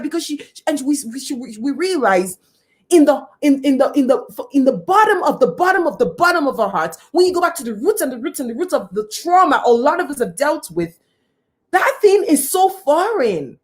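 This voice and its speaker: A woman's voice: high voice, very animated, normal speed. Emphatic woman coach. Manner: emphatic, repeats phrases for effect. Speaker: guest speaker and coach. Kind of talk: motivational talk.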